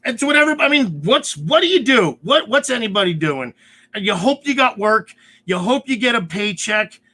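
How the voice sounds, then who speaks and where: Very high, bright-voiced ranting man. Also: normal speed. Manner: excitable, ranting, often shouts. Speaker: podcast co-host. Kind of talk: casual chat.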